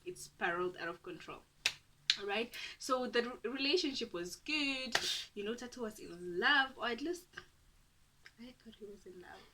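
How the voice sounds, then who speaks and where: A woman's voice: medium pitch, sharp tone, slight background noise. A young woman from Namibia, telling a personal story to her viewers in a chatty, dramatic way and laughing at herself often. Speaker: YouTuber. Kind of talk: casual storytime.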